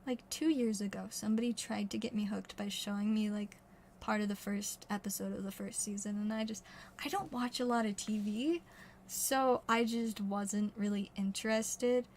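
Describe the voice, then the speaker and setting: A woman's voice: mid-range voice, fairly even intonation, moderate pace, darkish tone, a little hiss or hum. A young adult woman livestreaming card pack openings, rambling chattily and often correcting herself. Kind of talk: casual chat.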